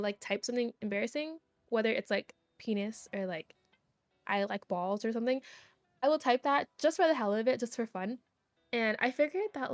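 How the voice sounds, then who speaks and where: A woman's voice: fairly high pitch, no echo. A young woman, a streamer guest on a podcast, rambling through a personal story and filling it with "like". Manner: rambling, heavy use of "like", animated retelling. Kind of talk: casual storytelling chat.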